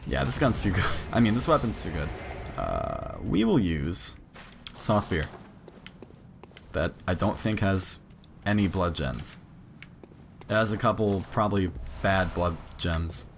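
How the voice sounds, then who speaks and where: A young man talks through a game in casual let's-play style, his pitch jumping all over as he reacts. He swears and yelps during tense moments. A faint hiss of noise sits under the recording. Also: lively intonation, a little slow, creaky, long pauses. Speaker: gaming let's-play host. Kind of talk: casual gameplay commentary.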